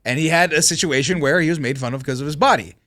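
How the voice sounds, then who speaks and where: A man's voice: fairly high pitch, fast, pushed and bright. A man co-hosting a podcast in casual chat, telling stories animatedly and swearing freely. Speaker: podcast co-host.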